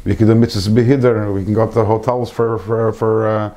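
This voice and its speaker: A man's voice: lowish voice, flat delivery, normal speed, mellow. A man giving an informal Torah lesson to a small group, earnest, repeating phrases and mixing in Hebrew terms. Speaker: Torah class teacher.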